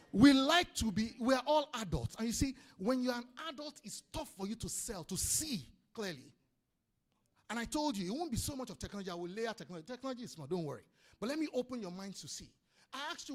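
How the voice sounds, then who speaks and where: A man with a Nigerian accent giving an energetic business seminar talk, calling out to the audience and repeating his points. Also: high-pitched. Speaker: business speaker. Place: conference hall before an audience.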